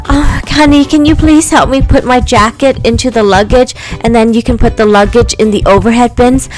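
A woman voicing dolls in a toy play story, in a lively, sing-song way. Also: high-pitched, measured pace, faint music behind.

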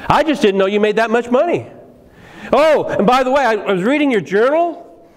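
A man's voice: extremely high pitch, expressive, moderate pace, long reverb tail, pitched above the performer's own voice. A man voicing a nosy, overfamiliar male house guest who breezily snoops through his host's things. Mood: breezy.

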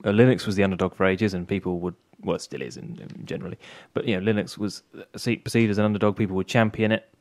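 A man's voice: deep voice, quick pace, gravelly, few pauses, a little mellow. A British man co-hosting a casual podcast panel, rambling through listener mail and tech talk. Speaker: podcast co-host.

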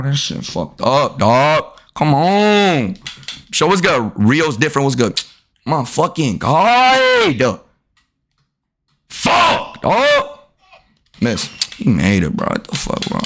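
Young male streamer, profane and riled up, pitch swinging wide. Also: fairly bright tone. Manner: profane, trash-talking, riled up. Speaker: gaming streamer. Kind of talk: live game commentary with chat.

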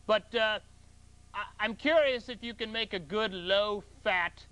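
A man hosting a mock call-in show in a deadpan, mock-earnest way. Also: sits high, a little slow, smooth, muffled recording. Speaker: host of a comedy call-in show.

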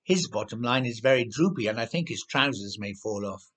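A man's voice: medium pitch, animated, fairly quick, a bit bright, slightly rough. A man voicing an earnest, cheerful young girl adventurer in a storybook reading, chatty in manner.

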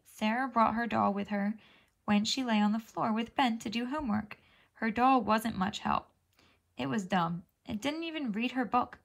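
A woman narrates a children's chapter book in an animated, expressive style. Her voice sits fairly high and carries a gentle gravelly fry. It sounds like a bedtime read-aloud. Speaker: storybook reader.

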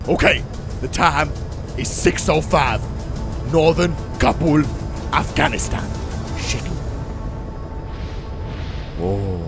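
A young man commentating a video game in a jokey, excitable way, swinging between shouts and mutters. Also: medium pitch, takes it slowly. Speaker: gaming YouTuber. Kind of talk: let's play commentary. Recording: game music playing behind. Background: game music.

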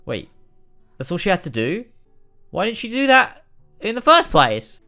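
A man streaming a game, rambling commentary that breaks into shouting rants. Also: high-pitched, wildly swooping pitch, a little slow, creaky, faint music behind. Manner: rambling, many restarts, bursts into shouting rants. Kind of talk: casual let's-play commentary.

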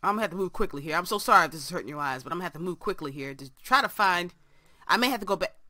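A woman's voice: on the low side, lively intonation, very fast, pushed and bright, dry recording. A young woman hosting a game let's play from her room, chatting to viewers and to the characters on screen. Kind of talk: casual game commentary.

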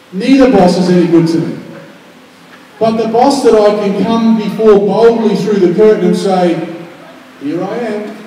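A man preaching a conversational sermon, swinging between quiet, intimate lines and loud, emphatic ones. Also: high voice, slight background noise. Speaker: pastor. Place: large church hall. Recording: echoey hall, from far off.

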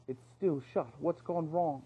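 A man's voice: fairly high pitch, a little slow, husky, highs cut off. A man voicing a serious, earnest young male warrior mouse in a read-aloud storybook. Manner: earnest, plain-spoken.

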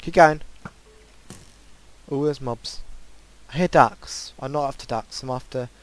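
A man commentating his own game play, breaking into excitable, panicky outbursts and repeated pleading. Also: mid-range voice, a little slow. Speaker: gaming channel host. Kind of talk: Minecraft let's play commentary.

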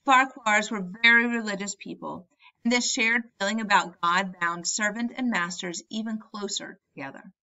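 A woman narrates a story in a measured, expressive reading. Her voice is bright and clear. The recording is dull and lo-fi. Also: medium pitch. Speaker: audiobook narrator. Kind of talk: audiobook reading.

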